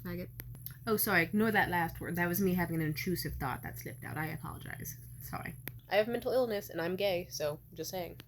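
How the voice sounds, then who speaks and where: A woman's voice: on the low side, fast, a little hiss or hum. A woman in her twenties telling a story in a casual vlog, rambling and swearing freely with lots of "like". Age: 20s. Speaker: vlogger.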